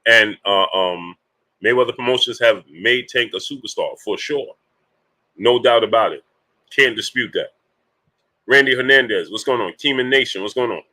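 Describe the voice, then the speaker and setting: A man's voice: mid-range voice, moderate pace, pushed and bright, poor audio. A man hosting a casual boxing talk livestream, greeting viewers by name between his points, with many fillers.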